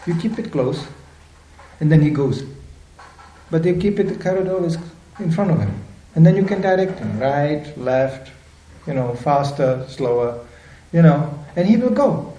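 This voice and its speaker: Animated older man lecturing in an echoey room. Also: fairly high pitch, unhurried. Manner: animated storytelling, acting out voices in quotes. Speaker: spiritual teacher.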